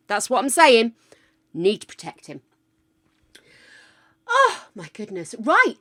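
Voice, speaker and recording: A woman's voice: mid-range voice, fairly bright tone. An older woman hosting a live stream, chatting casually with viewers in a gushing, easily overexcited way. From United Kingdom. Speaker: livestream host.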